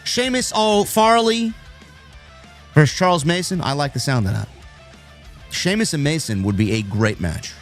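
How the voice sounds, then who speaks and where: New york guy hosting a stream, reads out chat messages, kinda high voice, loose and rambly. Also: animated, normal speed, pauses often, faint music behind. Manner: rambling, restarts, reads viewer messages aloud. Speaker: host of a wrestling live stream. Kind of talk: casual live-stream chat.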